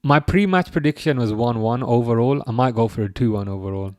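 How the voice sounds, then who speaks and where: A young man hosting a live football watchalong. He reacts to the match and answers chat, with excitable outbursts at big chances. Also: medium pitch, a little fast, no echo, studio quality.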